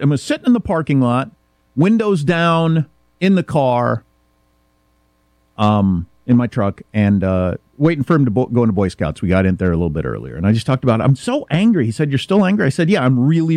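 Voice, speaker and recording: A middle-aged man from Kansas, hosting a casual talk show and telling a story with acted-out dialogue. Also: dry recording. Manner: animated storyteller, acts out dialogue, rising pitch when worked up. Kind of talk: casual talk radio chat.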